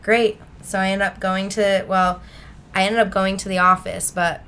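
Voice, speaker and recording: A woman guest on a podcast, telling a personal story in an animated way and acting out the people in it. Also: mid-range voice, moderate pace, slight background noise. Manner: animated, breaks into laughter, acts out the people in her story.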